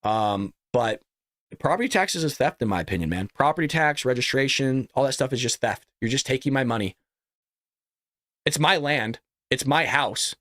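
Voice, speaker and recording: A man's voice: mid-range voice, lively intonation, fairly quick, a bit bright, dry recording, clean studio sound. A man hosting his own political commentary show, reading an ad and then ranting in a heated way with lots of rhetorical questions. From California. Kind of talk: casual political commentary and ad read.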